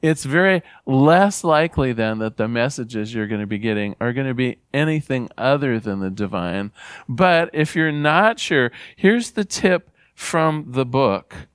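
A man giving an earnest spiritual talk, reading passages aloud and repeating key phrases gently. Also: medium pitch, expressive, unhurried, clear, resonant tone, no room sound, clean studio sound. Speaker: spiritual teacher.

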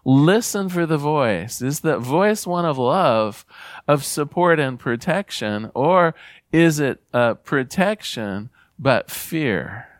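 A man giving an earnest spiritual talk, reading passages aloud and repeating key phrases gently. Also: a little high, lively intonation, slow, dry recording, studio quality. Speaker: spiritual teacher.

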